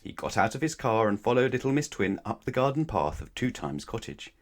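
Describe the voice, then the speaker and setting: A man reading a children's bedtime story aloud in a gentle, expressive storytelling manner. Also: mid-range voice, fairly quick. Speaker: storybook reader.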